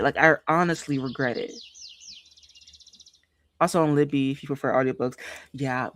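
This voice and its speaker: A book streamer hosts a casual livestream, chatty, animated and emphatic, repeating phrases for effect and addressing viewers directly. The pitch sits in a middle range, with a little hiss or hum in the audio.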